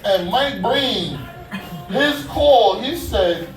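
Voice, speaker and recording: A man's voice: extremely high pitch, lively intonation, extremely slow, faint music behind. A man doing a stand-up comedy set, telling loose, profane stories full of fillers and asides. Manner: loose, profane, conversational storytelling with lots of fillers. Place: comedy club stage. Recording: echoey club from a distance.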